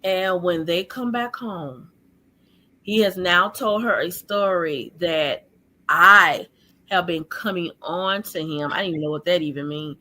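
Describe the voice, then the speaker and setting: A woman guest recounting her childhood in an earnest, halting way, full of fillers, over a video call. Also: on the low side, sharp tone. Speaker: guest sharing her life story. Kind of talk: personal testimony in an interview.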